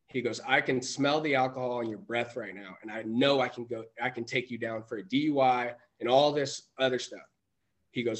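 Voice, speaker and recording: A man's voice: medium pitch, steady tone, a little fast, a bit bright. A man telling a personal story as a podcast guest, rambling with many restarts and self-corrections. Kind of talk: casual storytelling.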